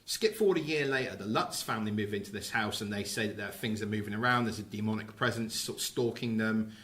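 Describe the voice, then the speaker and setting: Bright-voiced man telling stories. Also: lowish voice, fast. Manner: lively storyteller recounting film plots. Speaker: podcast host. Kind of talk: casual podcast chat.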